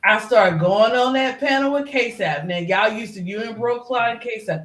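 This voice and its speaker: A woman's voice: mid-range voice, measured pace. A middle-aged woman chatting casually as a live-stream panelist, rambling with lots of "you know" fillers. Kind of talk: casual chat. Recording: echoey room.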